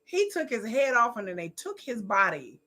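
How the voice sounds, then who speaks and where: A woman streamer reacting live to an episode, excitable and laughing, swearing freely and mimicking the characters. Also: on the high side, normal speed. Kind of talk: live watch-along reaction.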